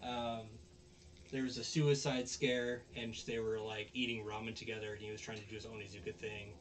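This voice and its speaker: A man's voice: on the low side, flat delivery, a little fast, slight background noise. A man hosting a podcast, casually recapping an anime episode with lots of fillers and restarts. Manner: rambling, many fillers and restarts. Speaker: podcast host.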